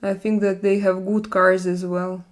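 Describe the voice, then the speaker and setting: Slow-talking Russian woman streamer. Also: mid-range voice, little pitch movement. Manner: hesitant, halting non-native English with many fillers. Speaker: livestream host. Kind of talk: casual livestream chat with viewers.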